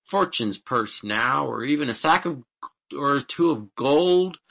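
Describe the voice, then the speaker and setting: A man voicing a greedy, boastful young farmer who speaks slowly and indignantly. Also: medium pitch, lively intonation, vocal fry, a bit bright, heavily acted. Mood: demanding. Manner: slow, demanding, indignant.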